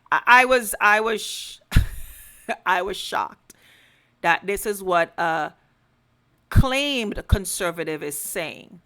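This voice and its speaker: A woman's voice: mid-range voice, lively intonation, a little slow, pauses often, sharp tone. A woman podcast host giving earnest, emphatic commentary straight to her audience, building up to pleading. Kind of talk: direct-to-camera commentary.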